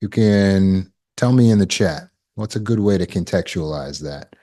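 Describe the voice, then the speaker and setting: Guy with a real low voice coaching people on a video call, encouraging, keeps saying good and right. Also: expressive, moderate pace, mellow. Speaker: healing coach. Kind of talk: live online teaching session.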